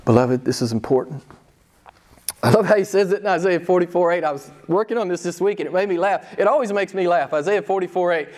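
A man with a high voice delivers a sermon from the pulpit. He preaches emphatically, pausing for effect and pressing the congregation with rhetorical questions. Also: a little mellow. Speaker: pastor.

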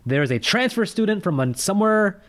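Animated man ranting about a movie. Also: high voice, brisk. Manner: animated, jokey, rants with rising emphasis. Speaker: podcast co-host. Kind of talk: casual movie review chat.

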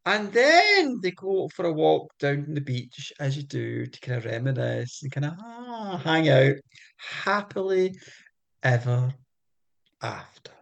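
A man, co-hosting a podcast and retelling folk tales in a playful, animated way with jokey asides. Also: on the high side, slow, vocal fry. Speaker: podcast co-host. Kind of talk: comic storytelling chat.

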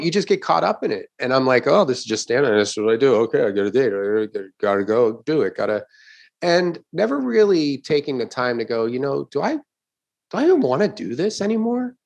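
Animated, profane male comedian telling a story. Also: mid-range voice, normal speed, vocal fry. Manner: animated, swears often, acts out crowd reactions. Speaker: stand-up comedian. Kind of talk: casual storytelling chat.

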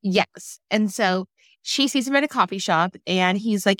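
A woman's voice: mid-range voice, a little slow, fairly bright tone, dry recording. A woman chatting casually as a podcast co-host, recapping a film with blunt, dry humor.

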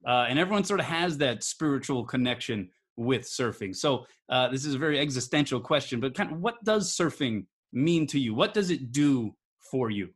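A man interviewing a guest, asking thoughtful, measured questions. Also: medium pitch, expressive, husky.

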